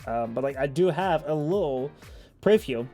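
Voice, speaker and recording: A man's voice: on the high side, lively intonation, normal speed, warm tone, soft background music. A man streaming, chatting casually and rambling with many fillers and restarts. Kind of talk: casual chat.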